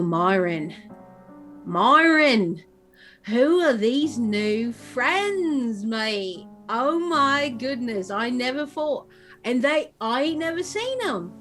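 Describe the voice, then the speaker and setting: A woman's voice: a little high, fairly bright tone, voice pushed up, heavily acted. A woman voicing a rowdy, overfamiliar grown man at a pub, crude and effusive.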